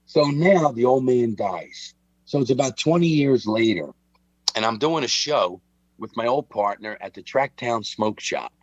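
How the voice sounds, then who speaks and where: A man's voice: mid-range voice, a little slow, dry recording, highs cut off. A middle-aged man, telling a story in casual chat and acting out the voices of the people in it. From Philadelphia. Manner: animated, acts out voices in his stories. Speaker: guest storyteller.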